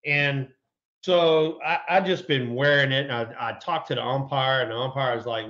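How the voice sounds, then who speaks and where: Profane ex-ballplayer telling stories, lo-fi. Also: male voice, medium pitch, moderate pace. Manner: relaxed, profane, colorful anecdotes. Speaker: former pro baseball player, podcast co-host. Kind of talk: casual sports chat and storytelling.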